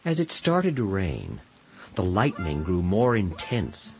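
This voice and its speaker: A man narrating a children's storybook in a low voice. His reading is expressive, with lively rises and falls in pitch. The recording is dull and lo-fi, with music playing behind him. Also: slow pace.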